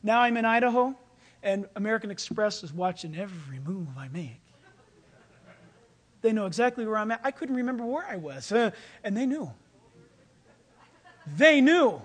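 A man preaching a sermon, telling personal stories in an animated, storytelling way and chuckling mid-sentence. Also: sits high, brisk. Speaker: pastor.

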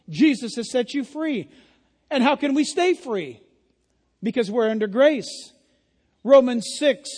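High-voiced man preaching in a reverberant hall. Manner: impassioned preaching, yelling. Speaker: pastor. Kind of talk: sermon.

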